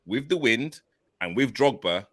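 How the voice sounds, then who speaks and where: A man's voice: mid-range voice, animated, measured pace, sharp tone. A man hosting a casual video chat, talking eagerly and filling his speech with "literally" and "like". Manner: enthusiastic, repeats "literally" and "like" a lot.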